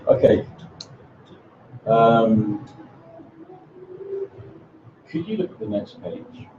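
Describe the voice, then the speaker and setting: A man's voice: fairly low pitch, animated, extremely slow. A man presenting a seminar to English teachers, telling classroom stories in a chatty way with many restarts. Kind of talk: conference seminar talk. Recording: roomy, distant, dull lo-fi with faint noise.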